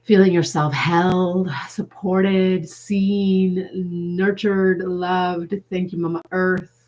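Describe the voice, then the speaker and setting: A woman facilitating a workshop, leading a gentle, unhurried guided meditation with playful, sassy asides. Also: fairly low pitch, level tone.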